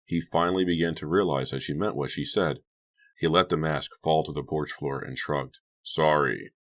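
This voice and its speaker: Male horror-audiobook narrator, extremely low voice, measured delivery. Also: a bit bright. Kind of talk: scripted narration.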